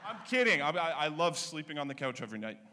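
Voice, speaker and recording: Stand-up comic in his thirties, high voice, bright and sharp, punchy delivery, faint noise behind. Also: quick pace. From Canada (Ontario). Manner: punchy, animated storytelling. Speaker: stand-up comedian. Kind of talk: stand-up comedy set.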